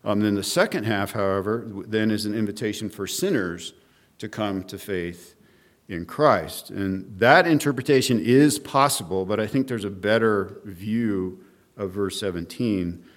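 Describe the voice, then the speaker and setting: A middle-aged male pastor preaching an expository sermon, reading scripture aloud and explaining it in a measured teaching manner, with frequent fillers and restarts. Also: fairly low pitch.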